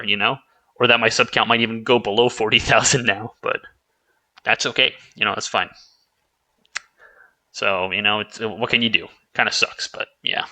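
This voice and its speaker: A man chatting in a loose, rambling vlog, with a very bright, sharp tone. He often restarts his sentences and swears casually as he talks things through. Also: on the low side, low-quality recording. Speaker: YouTuber.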